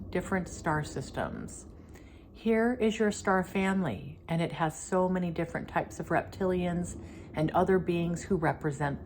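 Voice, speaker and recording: A woman voicing a polite, humble male reptilian being from space who speaks softly and formally. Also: fairly low pitch, slight background noise, natural voice. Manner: soft-spoken, formal and courteous.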